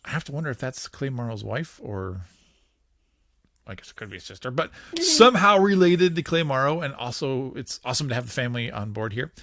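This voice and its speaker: A man hosting a podcast, giving excitable, giggly play-by-play commentary on a cartoon as he watches it. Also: mid-range voice, fairly quick. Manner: giggly, excitable narration of on-screen action. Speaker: podcast host.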